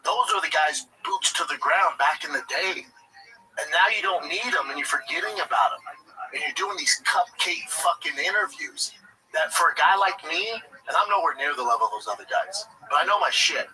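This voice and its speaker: A man's voice: fairly high pitch, animated, moderate pace, pushed and bright, low-quality recording. Fired-up profane man ranting. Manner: profane, blunt, indignant. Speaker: livestream host. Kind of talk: heated commentary rant.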